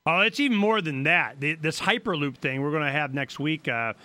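A middle-aged man hosting a talk radio show, rambling in a loose, animated, colloquial way. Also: a little high, fairly quick, dry recording. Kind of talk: casual political talk radio.

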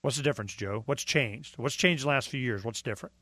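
Excitable guy ranting on a radio show, bright edgy voice, dry close sound. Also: mid-range voice, quick pace, no room sound. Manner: emphatic, storytelling, acts out quoted voices. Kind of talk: animated political talk.

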